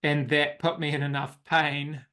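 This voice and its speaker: A man's voice: a little high, flat delivery, measured pace, pushed and bright. A man, a coach, telling his personal story as an interview guest in a reflective, emotional way.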